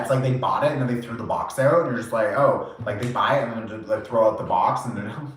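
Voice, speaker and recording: A man giving a channeled tarot reading, animated and casual, acting out quoted reactions, swearing now and then and laughing often. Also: on the low side, fast, a little hiss or hum. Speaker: tarot reader. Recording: very echoey room.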